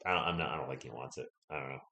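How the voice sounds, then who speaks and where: A man's voice: rumbling low, very fast, creaky, reverberant. A young man with a sore throat doing casual live play-by-play commentary and chatting with viewers, keeping his voice down. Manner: chatty, answers viewers, holds back from yelling. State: sore throat, sounds sick. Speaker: live stream play-by-play host.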